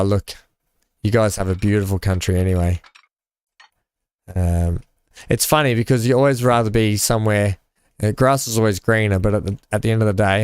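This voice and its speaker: A man's voice: fairly low pitch, clean tone, no room sound, studio quality. Chatty man live-streaming a game. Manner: chatty, reads chat aloud and greets viewers with many fillers. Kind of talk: casual live-stream commentary while building.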